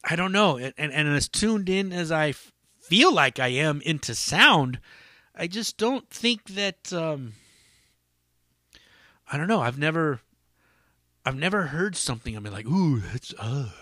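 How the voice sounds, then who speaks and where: A man's voice: on the high side, expressive, unhurried, pauses often, pushed and bright, no room sound, studio quality. A man hosting a solo podcast in a casual, rambling, profane way with lots of fillers. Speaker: podcast host.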